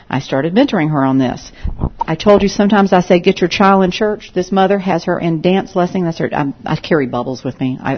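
Woman, husky, lower voice, evangelist, storytelling testimony, acts out dialogue, dull lo-fi recording. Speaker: Christian evangelist speaking to a group.

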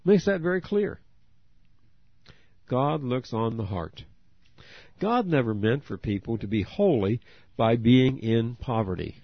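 A man's voice: mid-range voice, lively intonation, a little slow, pauses often, no echo. A man preaching a sermon, earnest, asking his listeners direct questions. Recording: dry, dull lo-fi audio.

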